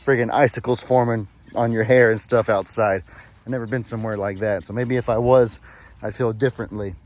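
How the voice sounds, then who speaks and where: A man's voice: on the low side, fairly even intonation, a little fast, darkish tone. A man with a Texan accent, chatting casually on his farm vlog in an easygoing, rambling, folksy way. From Texas. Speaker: farm vlogger.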